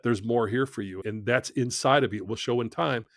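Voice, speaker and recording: Man telling a lively story, dry sound. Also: mid-range voice, fairly quick, no echo. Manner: animated storyteller acting out quoted dialogue. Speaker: podcast guest. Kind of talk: storytelling in conversation. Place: his studio.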